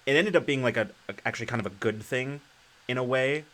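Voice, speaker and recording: A man's voice: mid-range voice, quick pace, a bit bright. A man hosting a podcast, who reflects in casual chat and thinks aloud in loose, restarting sentences. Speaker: podcast host and game master.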